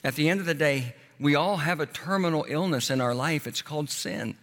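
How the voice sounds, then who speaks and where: A man preaching a sermon in an earnest way, slowing down and dropping his voice on key words. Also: fairly bright tone. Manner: earnest, slows and drops low on key words. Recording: long hall reverb.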